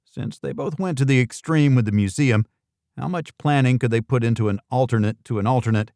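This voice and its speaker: A man reads a first-person thriller audiobook at a steady, even pace with a wry edge. His voice sits at a middling pitch, and the recording is dry and close, with no room sound. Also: fairly quick, gravelly, no room sound. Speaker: audiobook narrator.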